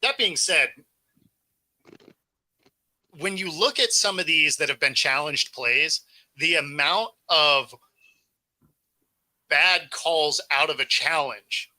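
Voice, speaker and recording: A man's voice: a little high, slow pace, sharp tone, rough recording. A man co-hosting a casual sports talk stream, laughing easily and explaining plays at length. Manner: laid-back, laughs easily, talks in run-on explanations. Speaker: sports show co-host.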